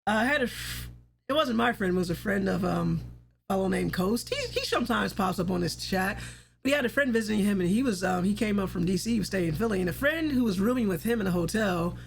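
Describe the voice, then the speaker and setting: A woman's voice: mid-range voice, expressive, fast talker, gravelly, a little hiss or hum. A woman hosting a casual livestream chat, rambling along, laughing often and swearing casually. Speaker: livestream host.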